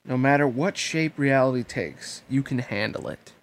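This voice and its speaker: A man reading the lines of a firm, steady young swordsman, reassuring, in an amateur audiobook reading. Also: mid-range voice, moderate pace, lightly acted.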